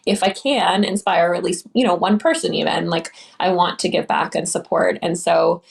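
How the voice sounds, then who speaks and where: A woman's voice: fairly low pitch, fairly even intonation, normal speed, gravelly. A young woman pilot giving an earnest, enthusiastic interview answer, often restarting her sentences. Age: young adult.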